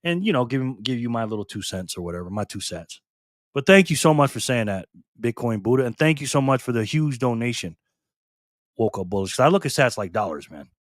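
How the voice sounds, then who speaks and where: An older man hosting a casual live stream, reading comments aloud in a chatty, excitable way. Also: mid-range voice, a little fast, dry recording, clean studio sound. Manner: chatty, excitable, laughs often.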